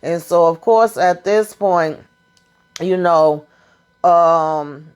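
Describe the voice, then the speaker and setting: A woman's voice: lowish voice, darkish tone, smooth. A woman recapping a TV episode in casual, sassy chat straight to her viewers, full of asides and fillers. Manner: colloquial, drawn-out asides with frequent fillers. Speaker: TV show recap host.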